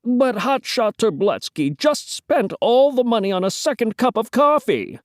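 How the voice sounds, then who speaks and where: A woman's voice: fairly high pitch, lively intonation, measured pace, dry recording, studio quality, pitched above the performer's own voice. Woman doing a matter-of-fact stingy editor. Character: stingy male newspaper editor. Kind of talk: children's storybook read-aloud.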